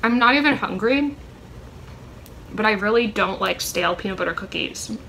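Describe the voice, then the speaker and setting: Young woman vlogger, bright tone, rambling chatty delivery, faint background hiss. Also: mid-range voice, lively intonation, normal speed. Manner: rambling, chatty, many ums and self-corrections. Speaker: vlogger answering a question tag. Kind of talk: casual chat.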